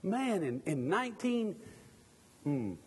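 A man's voice: high voice, very animated, takes it slowly, a little mellow, husky, long reverb tail. A middle-aged man from Mississippi, preaching a sermon in a church. He keeps putting pointed questions to the congregation and jokes at his own expense. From Mississippi, USA.

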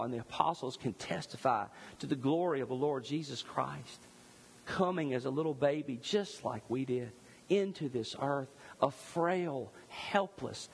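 A man in his thirties preaching a sermon as pastor, passionate, rising high on repeated lines and dropping soft and hushed. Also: vocal fry, breathy edge. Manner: impassioned, climbing in pitch at lists, then softening to near whisper. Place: church sanctuary. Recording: long reverb in a large hall.

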